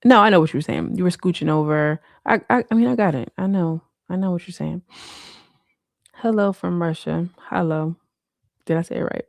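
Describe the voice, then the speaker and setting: Woman doing a late night live chat, low gravelly voice, dry close mic, lots of "like" and "you know". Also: fast talker, few pauses, no room sound. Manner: chatty, reads and answers viewer comments; slangy, frequent "like" and "you know". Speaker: livestream host.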